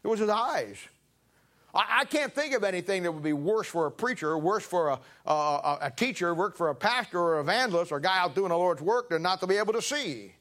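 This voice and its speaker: Folksy preacher spinning a story. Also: male voice, sits high, expressive, brisk, fairly bright tone. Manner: folksy, rambling anecdotes with restarts. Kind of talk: sermon with storytelling.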